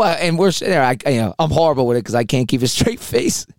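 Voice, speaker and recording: A man's voice: fairly high pitch, sing-song, very fast, creaky, few pauses, no echo. Dry-voiced man laughing through stories. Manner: laughs through his own stories, rambling restarts. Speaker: podcast co-host. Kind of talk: casual storytelling chat.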